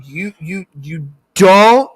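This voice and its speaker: A man with a high, swooping voice chats as a podcast co-host. He tells stories with animated energy and repeats phrases to drive his point home. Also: very slow. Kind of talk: casual chat.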